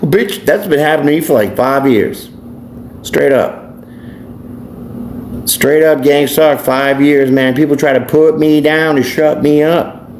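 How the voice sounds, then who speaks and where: A man's voice: a little high, steady tone, unhurried, long pauses, a little mellow. A man, a tarot reader and life coach, ranting bluntly and preachily in a profane vlog monologue. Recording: echoey room, faint background noise.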